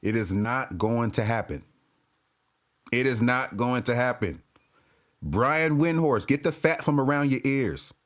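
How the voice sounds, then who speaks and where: A man's voice: medium pitch, expressive, unhurried. A man rants about basketball to his camera, his voice swinging widely up and down. He keeps breaking into laughter, swears freely and repeats his lines over and over. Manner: laughing, profane, repeats himself. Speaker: sports fan commentator. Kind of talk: casual rant to camera.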